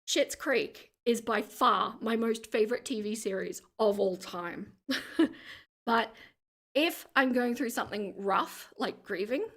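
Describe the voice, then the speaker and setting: An Australian woman hosting a livestream, chatting casually as she reads viewer comments aloud, with vocal fry in her lower register and frequent laughter. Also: a bit bright. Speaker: livestream host.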